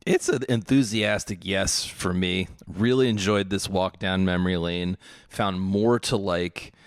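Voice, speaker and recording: A man's voice: deep voice, steady tone, measured pace, no room sound. An American man co-hosting a podcast, reading listener mail aloud in a dry, amused way. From United States. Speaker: podcast co-host.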